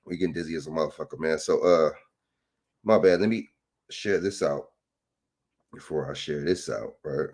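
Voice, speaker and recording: A man's voice: a bass voice, moderate pace, long pauses, a little mellow. A man, ranting casually into a phone, rambling and profane with repeated rhetorical questions. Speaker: commentator. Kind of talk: casual political rant.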